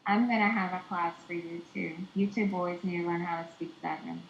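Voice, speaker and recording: A woman's voice: on the low side, fairly even intonation, brisk, vocal fry, slight background noise. A woman from the American South, a guest on a casual online show, talking over a remote call with many ums and teasing asides. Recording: dull, echoey call audio.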